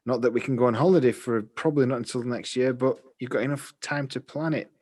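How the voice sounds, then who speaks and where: A man rambles happily through casual podcast chat. He drifts between thoughts and pokes fun at himself, in an everyday middle-pitched voice. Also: fast talker, a little mellow. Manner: rambling, chatty, self-deprecating. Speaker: podcast co-host.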